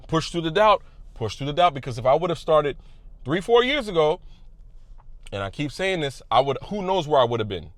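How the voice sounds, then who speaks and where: A man's voice: sits high, dry recording. Passionate man with a raised voice. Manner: passionate, emphatic, repeats phrases; loud at times. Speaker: YouTube creator. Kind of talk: motivational talk to camera.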